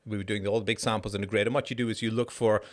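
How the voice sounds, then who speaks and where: Low-ish guy rambling through stories on his stream, does little voices for people. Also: racing. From Canada. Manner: animated storytelling, acts out quoted people. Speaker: livestream host. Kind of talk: casual monologue.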